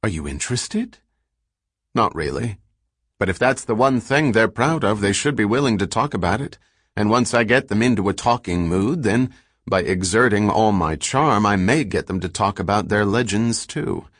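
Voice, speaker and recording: A man's voice: fairly low pitch, animated, normal speed, a bit bright, no echo, studio quality. A man playing an earnest, wry male scholar who gets insistent and exasperated, read in an audiobook. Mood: scheming.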